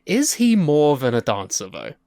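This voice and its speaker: A man's voice: mid-range voice, huge pitch swings, moderate pace, gravelly, mellow, dry recording. A young man co-hosting a podcast in casual, sweary and wry chat about wrestling, sharing strong opinions. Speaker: podcast co-host.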